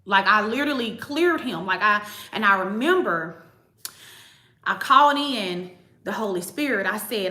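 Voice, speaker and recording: A woman's voice: mid-range voice, lively intonation, measured pace, bright, forceful tone. A woman hosting a spiritual channel, telling a personal story in a chatty, emphatic way and speaking straight to her viewers. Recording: echoey room.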